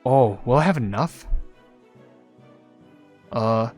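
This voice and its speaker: A young man casually commenting on his gameplay and reading viewer comments, chatty and rambling, getting loudly excited over loot. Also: a little high, a little fast, dry recording, faint music behind. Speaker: gaming channel host.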